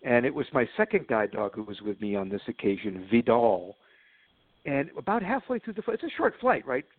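A man's voice: medium pitch, sing-song, brisk, dry recording. Man telling stories over a phone line. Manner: chatty, laughs at his own stories, many fillers. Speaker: guest.

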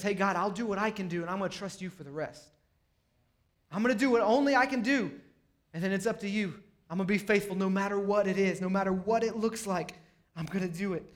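Young male pastor, high voice, energetic conversational preaching. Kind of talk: sermon.

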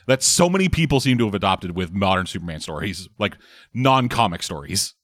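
A man's voice: sits low, expressive, brisk, a bit bright, no room sound, clean studio sound. A man in casual chat about films, emphatic, swearing freely and stammering as he builds a point.

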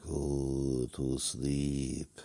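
A man voicing a hypnotic male vampire, slow and menacing, in a hushed tone. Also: rumbling low, monotone, vocal fry, no room sound, exaggerated voice.

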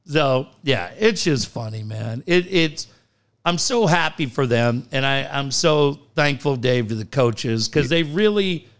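A middle-aged man co-hosting a talk show, telling stories in a casual, animated way and swinging into big voices for quotes. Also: medium pitch, a little slow, clear, resonant tone. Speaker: radio show co-host. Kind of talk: casual storytelling banter.

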